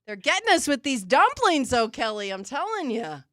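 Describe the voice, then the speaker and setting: A woman's voice: high-pitched, big pitch swings, normal speed, fairly bright tone, no room sound. A woman co-hosting a morning radio show, bubbly and laughing a lot. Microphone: studio mic.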